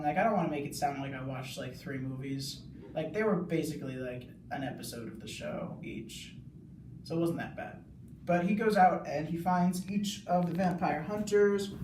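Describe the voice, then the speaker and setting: A young male student rambling through a casual plot recap, full of "like"s, now and then yelling. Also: a little high, a little hiss or hum. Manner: rambling, many "like"s, bursts of yelling. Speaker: student video reviewer. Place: bathroom. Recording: echoey bathroom, mic far off.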